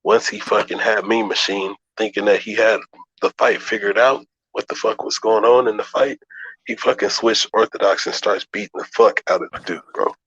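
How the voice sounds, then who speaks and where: A man's voice: on the low side, steady tone, normal speed, a bit bright, dull audio. A man hosting a casual boxing debate, emphatic and swearing freely as he breaks fights down.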